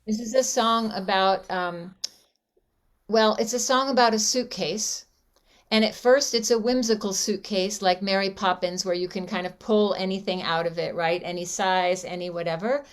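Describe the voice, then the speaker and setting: A woman's voice: medium pitch, normal speed. A woman guest song leader chatting on a video call, introducing a song with frequent ums. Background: guitar music.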